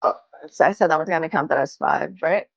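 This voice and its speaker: A young adult woman from Massachusetts, with the local accent, livestreams her indoor gym workout, counting reps out loud and chatting casually with viewers. Her low voice moves fairly quickly, in a dry recording with the highs cut off.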